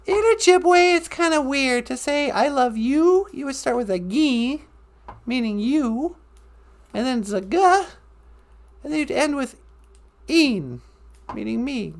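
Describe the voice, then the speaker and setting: A woman hosting a comedy podcast, chatting playfully and giggly, and slowly explaining words. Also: high voice, darkish tone. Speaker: podcast host. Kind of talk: comedic casual chat.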